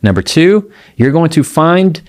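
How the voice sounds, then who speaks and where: A man giving a motivational talk on communication, speaking in a calm, measured way and repeating his key phrases. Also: on the high side.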